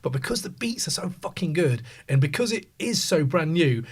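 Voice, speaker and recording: Man on a podcast panel, fairly high voice, emphatic and sweary in casual debate. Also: a little fast, breathy edge. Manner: animated, emphatic, swears freely.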